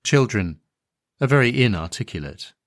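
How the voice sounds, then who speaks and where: A man reading a dark literary story aloud in a measured, wry manner. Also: mid-range voice, expressive, no room sound, clean studio sound. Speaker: narrator.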